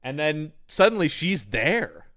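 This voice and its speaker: Animated laughing man recapping a movie. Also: a little high, unhurried. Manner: animated, laughs often, acts out characters' lines. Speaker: podcast co-host. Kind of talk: casual movie recap chat.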